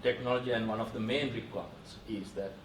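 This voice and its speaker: Flat-voiced man heard from afar in an echoey room. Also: on the low side, fast. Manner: hesitant, filler-heavy explaining. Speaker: panelist. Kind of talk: panel discussion. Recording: echoey room, distant, noisy.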